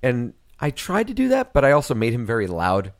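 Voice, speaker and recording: A man co-hosts a casual podcast, speaking candidly and circling back on himself as he tells stories. His voice moves lively up and down in a mid register. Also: mid-range voice, fairly quick. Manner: candid, rambling storyteller with many restarts. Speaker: podcast co-host. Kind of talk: casual chat.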